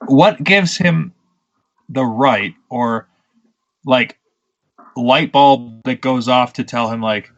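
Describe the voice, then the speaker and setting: A pro wrestler co-hosting a podcast speaks slowly in a mid-range voice, pausing often. Casual and blunt, he rants through stories with plenty of swearing, and the audio is muffled and slightly dull.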